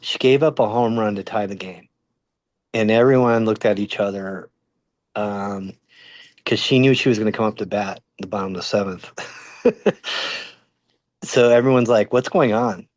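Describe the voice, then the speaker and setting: A man, a sports journalist, answering interview questions in a measured way, often pausing on ums and you-knows. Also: fairly low pitch, a little mellow, no echo. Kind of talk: casual interview talk.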